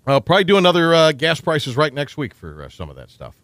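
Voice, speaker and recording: Hosting sports talk radio in clean, echo-free studio sound, a man with a fairly high voice banters casually with his co-host. He jokes readily, stays animated, and frequently starts his sentences over.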